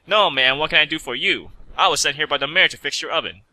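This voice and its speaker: A man's voice: fairly high pitch, quick pace, pushed and bright, no room sound, poor audio. A man reading a fan story aloud, voicing a casual, easygoing robot handyman in his own voice.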